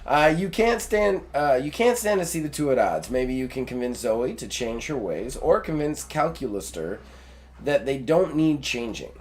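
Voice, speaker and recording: A man's voice: medium pitch, expressive, moderate pace. Guy cohosting a game stream, jokey, laughs a lot, voice swings all over. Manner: joking, laughs often, reads aloud dramatically. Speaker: let's play co-host. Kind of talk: casual gaming chat, reading game text aloud.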